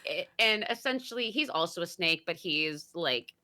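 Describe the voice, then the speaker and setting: Animated woman chatting on a podcast. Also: fairly low pitch, moderate pace. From Italian heritage. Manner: animated, giggly, lots of fillers. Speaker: guest host. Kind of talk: casual podcast chat.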